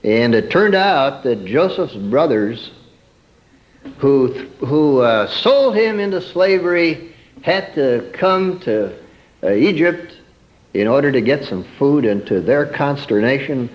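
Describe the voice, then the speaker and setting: A man preaching a sermon in a storytelling way, swinging from emphatic peaks to soft, quiet asides. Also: mid-range voice, expressive, a little slow, highs cut off.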